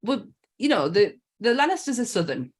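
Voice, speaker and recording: A woman from England, co-hosting a casual chat, animated and swearing casually. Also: medium pitch, moderate pace, breathy edge. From Northeast England. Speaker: podcast co-host.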